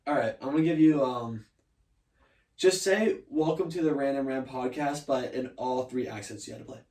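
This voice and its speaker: A man's voice: medium pitch, moderate pace, darkish tone. A young man hosting a podcast from his room, chatty and offhand as he asks quirky questions. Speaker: podcast host. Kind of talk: casual interview chat. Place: his own room, indoors. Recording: echoey room, mic at a distance, faint hiss.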